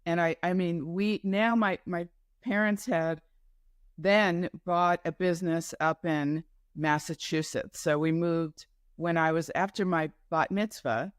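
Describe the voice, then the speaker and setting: A woman's voice: fairly low pitch, measured pace, clean tone, dry recording. A woman from New York tells her story as an interview guest, wandering through asides and correcting herself as she goes. The sound is dry and close, with no room around it. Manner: meandering, with frequent asides and self-corrections. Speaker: guest entrepreneur.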